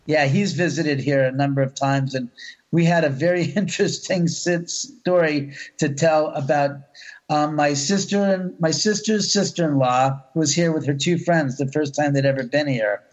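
A man telling a ghost story in an interview, excitable, acting out voices and repeating words as he goes. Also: on the high side, moderate pace. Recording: dull lo-fi audio.

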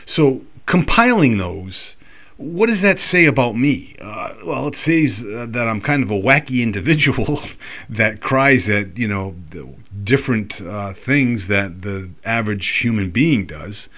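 Slow, low-voiced man musing aloud. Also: lively intonation, a bit bright. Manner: rambling, reflective, with many fillers and restarts. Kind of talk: casual monologue.

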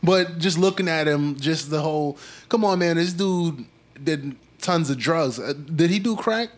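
A young man from Brooklyn, telling stories in a slangy, animated casual chat. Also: a little high, a little slow. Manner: animated storyteller, slangy, acts out quotes.

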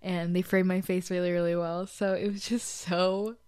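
A woman's voice: lowish voice, little pitch movement, normal speed, darkish tone, smooth. A young woman hosting a casual solo podcast from a small bedroom, chatty and confessional, with lots of "like" fillers. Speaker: podcast host.

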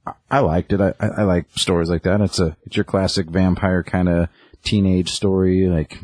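Super low voiced guy rambling through a comic recap, lots of um and like, dry close sound. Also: little pitch movement, normal speed, a little mellow, no echo. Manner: rambling plot recap with many ums and likes. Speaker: podcast co-host. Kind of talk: casual comic book chat.

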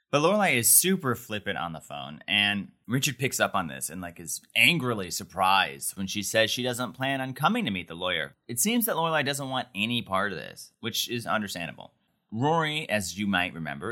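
A man's voice: lowish voice, pushed and bright. A man co-hosting a podcast, recapping a TV episode in casual, wry, joking chat.

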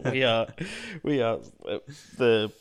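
A man's voice: mid-range voice, takes it slowly, vocal fry, clean tone. A man in a mid-range voice co-hosting a podcast, rambling through casual chat. He laughs often and swears freely. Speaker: podcast co-host.

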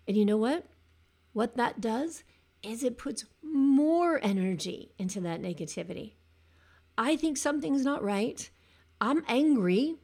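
A woman's voice: a little high, animated, unhurried, a little mellow. A woman coaching cancer survivors in an earnest motivational talk, often acting out her clients' words.

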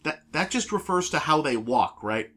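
A man's voice: on the high side, expressive, moderate pace, fairly bright tone. A man co-hosting a podcast in casual chat, easygoing and often repeating words as he talks. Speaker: podcast co-host.

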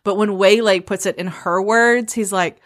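A woman in casual chat about a book, enthusiastic and laughing often, quoting characters in a lower voice. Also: steady tone, moderate pace. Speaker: book discussion co-host.

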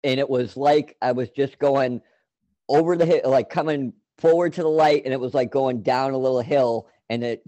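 A man's voice: mid-range voice, darkish tone, dry recording. A man telling a long personal story in casual chat, rambling with many fillers and restarts.

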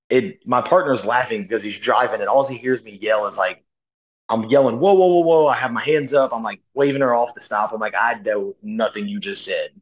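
A man's voice: fairly low pitch, rough recording. A man in a casual chat, telling a story about himself with a laughing, self-mocking manner. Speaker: paramedic guest.

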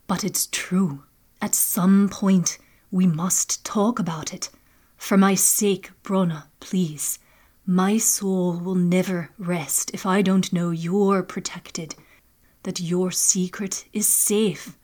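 A woman voicing a worried, caring grandmother, hushed and gentle in a storybook. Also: on the low side, steady tone, slow. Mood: tender.

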